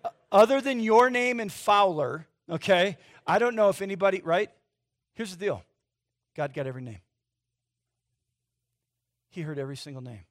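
A middle-aged male pastor preaching a conversational sermon, checking in with "right?" and "okay?", moving between loud passages and hushed ones. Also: on the high side.

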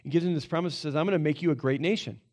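A middle-aged man preaches with a slightly high voice, talking casually and with plenty of energy. He stumbles through restarts and fillers. His delivery stays loose and conversational. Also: very fast, a little mellow. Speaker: pastor. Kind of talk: sermon.

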